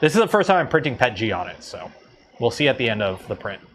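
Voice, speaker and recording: A man from Canada hosts a casual livestream, chatting loosely with viewers in a mid-pitched voice. He rambles, filling pauses with ums and correcting himself mid-sentence. Faint music plays behind him. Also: sing-song, a bit bright. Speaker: livestream host.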